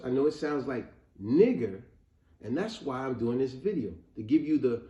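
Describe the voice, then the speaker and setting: A man hosting an educational video, telling history in a casual, animated way and calling his viewers family. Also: medium pitch. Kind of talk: casual spoken history lesson. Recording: roomy, slightly muffled home recording.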